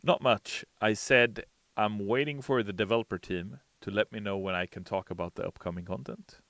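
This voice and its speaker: A man in a sleepy, relaxed live-stream chat, answering viewers with many hesitations and reading their messages aloud. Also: on the low side, moderate pace, no room sound. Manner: reads chat messages aloud in a brighter, louder voice; relaxed, hesitant with frequent uh fillers.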